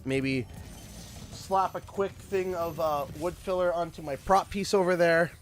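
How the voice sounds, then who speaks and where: A man from Canada chatting casually and rambling while playing a video game on a live stream, now and then breaking into sudden loud shouts. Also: on the high side, fairly even intonation, measured pace, faint music behind.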